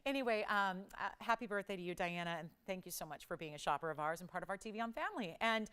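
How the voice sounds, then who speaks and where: A woman hosting a live jewelry shopping show, pitching pieces with enthusiastic urgency and gushing praise. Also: expressive, quick pace, a bit bright, clean tone. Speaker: shopping channel jewelry host.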